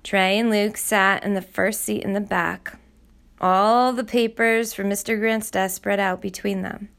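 Gravelly-voiced woman reading a novel. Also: mid-range voice. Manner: steady, measured storytelling. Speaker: audiobook narrator. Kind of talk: scripted narration.

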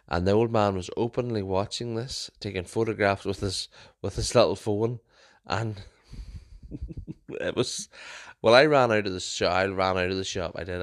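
A young man hosts his own podcast solo, his voice sitting a little low. He chats casually and rambles through stories, often restarting and correcting himself mid-sentence. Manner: chatty storyteller, frequent restarts and self-corrections. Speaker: podcast host.

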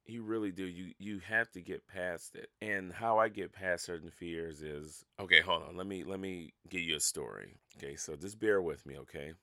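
A man's voice: sits low, normal speed, few pauses, bright, forceful tone, no echo, clean studio sound. A man hosting a casual solo podcast, rambling and self-mocking, laughing at his own stories. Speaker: podcast host.

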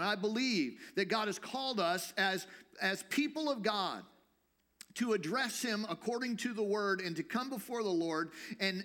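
A male pastor preaching a sermon in a church, talking in a lively, conversational way and teasing the congregation. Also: sits high. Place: church sanctuary.

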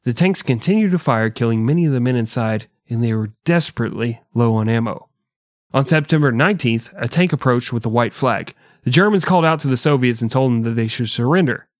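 A man's voice: mid-range voice, animated, brisk, dry recording, clean studio sound. A man co-hosting a history podcast, retelling events in a casual, profane, joking way. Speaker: podcast co-host.

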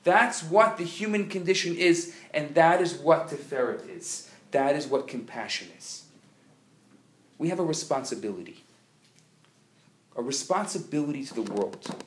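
A man's voice: fairly high pitch, expressive, moderate pace, echoey room. A man giving an inspirational sermon at a convention, telling a story with frequent restarts and building to emphatic appeals. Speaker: speaker at a religious convention.

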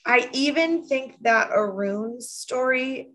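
A woman's voice: high voice, expressive, slow pace, a bit bright. A woman co-hosting a podcast, recapping a TV episode in casual chat, thoughtful and often correcting herself mid-sentence. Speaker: podcast co-host.

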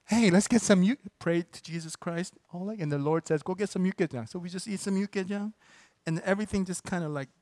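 A man preaching a sermon as pastor, moving between relaxed, joking asides to the congregation and emphatic, building declarations. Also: high voice, brisk, few pauses, no echo. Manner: conversational and joking, with sudden emphatic bursts.

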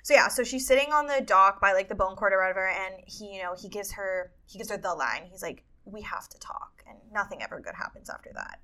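A woman's voice: medium pitch, lively intonation, fast, hardly any pauses, sharp tone. A woman co-hosting a podcast, chatting casually about a book and retelling scenes with lots of fillers. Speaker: podcast co-host. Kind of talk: casual book-club chat.

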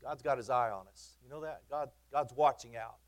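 A man's voice: medium pitch, normal speed. A man preaching a sermon in a conversational, emphatic way, often repeating and restarting phrases, with teasing asides to his congregation. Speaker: pastor.

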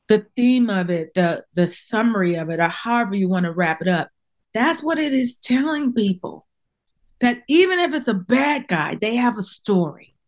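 A middle-aged woman, a professional singer, talking as a guest in a casual interview, speaking in a heartfelt and openly emotional way. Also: medium pitch.

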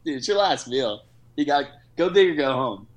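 A man's voice: on the high side, big pitch swings, moderate pace. A man in a band, chatting in a laid-back, casual way and saying "dude" often. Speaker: band member. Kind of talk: casual chat.

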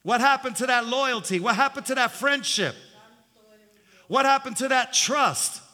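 A man's voice: extremely high pitch, a little slow, sharp tone. An older man preaching a fiery sermon as pastor, with hallelujah refrains, in a church sanctuary. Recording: long hall reverb.

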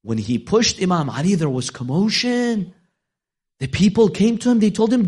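A man preaching a sermon, telling a story with dramatic swings of pitch and loudness, sometimes slowing into a chanted, half-sung delivery. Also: very animated, slightly rough. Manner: storytelling, voicing quoted figures, dramatic rises in pitch.

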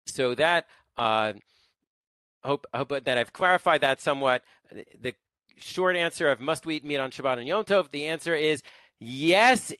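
A man teaches an online class, stopping often to search for words and circling back over them. His voice is bright and forward, and the recording sounds close and dry. He keeps a loose, informal classroom manner. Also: fairly high pitch, no room sound. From lives in Israel. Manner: halting, with many fillers and restarts.

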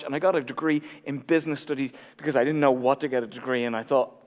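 An Irish man in his forties, a pastor telling his own story in a sermon with animated, self-deprecating humor. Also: medium pitch, quick pace, long reverb tail. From Ireland.

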